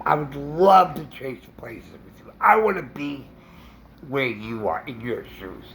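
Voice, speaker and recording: Indignant slow-talking man ranting. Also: on the high side, gravelly, a bit bright, a little hiss or hum. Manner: indignant, halting with fillers and restarts. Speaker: vlogger. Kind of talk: opinion rant to camera.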